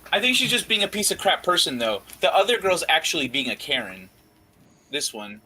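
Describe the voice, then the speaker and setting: A man's voice: a little high, very animated, fairly quick, sharp tone, poor audio. A man on a stream panel, talking bluntly and mocking in casual chat. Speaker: panel guest.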